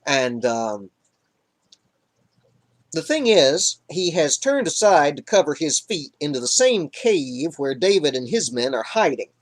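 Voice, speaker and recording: A man's voice: on the high side, sing-song, unhurried. A man hosting a live stream, retelling a Bible story in an irreverent, joking way. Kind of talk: casual comic Bible retelling.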